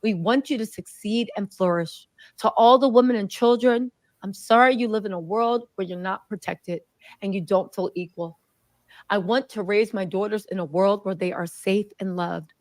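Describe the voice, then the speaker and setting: A woman's voice: mid-range voice, normal speed, a little mellow, no room sound. A woman host giving emphatic reaction commentary and reading a statement aloud. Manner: emphatic, preachy.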